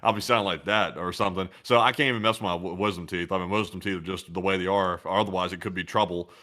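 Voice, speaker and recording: A man's voice: low-pitched, fairly even intonation, quick pace, pushed and bright. A man with a Southern American accent, co-hosting a show and telling rambling stories in casual chat. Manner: rambling, storytelling with acted-out quotes. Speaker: co-host.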